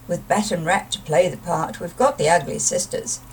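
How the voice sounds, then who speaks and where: A woman voicing a wise, fussy male owl in a storybook poem, speaking in a measured, schoolmasterly way, recorded from a distant mic. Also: lowish voice, slightly rough. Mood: wry.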